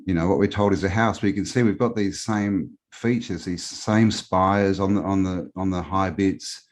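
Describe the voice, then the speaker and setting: Australian man, very low voice, casual rambling chat, lots of ums. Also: steady tone, moderate pace. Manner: rambling, hesitant with many fillers. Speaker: guest. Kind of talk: casual live-stream chat.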